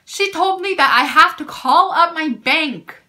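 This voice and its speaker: A young woman telling a storytime vlog, indignant and animated, peppering her speech with "like". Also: very high-pitched, measured pace. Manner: animated and indignant, heavy use of "like". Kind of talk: storytime vlog, casual retelling.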